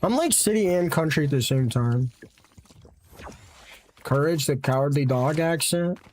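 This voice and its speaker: High-voiced excitable American streamer. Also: male voice, unhurried, slight background noise. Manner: excitable, chants sound effects while playing. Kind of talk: live game streaming with chat.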